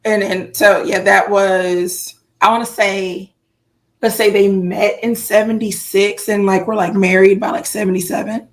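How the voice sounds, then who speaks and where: A woman's voice: mid-range voice, measured pace. A woman co-hosting a casual music podcast, telling stories with lots of fillers and restarts. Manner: animated storyteller, frequent fillers and restarts. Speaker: podcast co-host. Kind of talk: casual chat.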